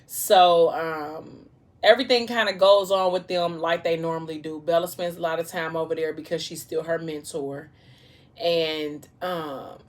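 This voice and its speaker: During a mukbang, a vlogger with a somewhat low voice chats casually over her meal in vlog style. She tells a story animatedly, tossing in playful asides along the way.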